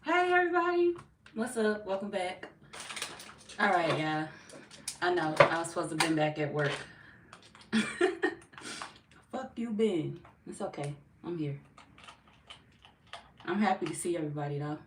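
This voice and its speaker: A woman hosts a tarot live stream, her low voice a little hoarse and loose with slang and swearing. She sits back from the mic in an echoey room, with a faint hiss underneath. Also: normal speed, pauses often, distant mic. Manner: casual, greets viewers by name, swears freely. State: slightly hoarse, feels she is losing her voice. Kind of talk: casual live-stream chat and tarot reading.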